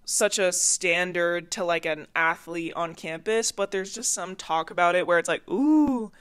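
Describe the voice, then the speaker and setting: A woman's voice: lowish voice, moderate pace, clean tone. Chatty young woman telling dating stories. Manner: chatty, animated, laughs through stories. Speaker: podcast host. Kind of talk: casual storytelling.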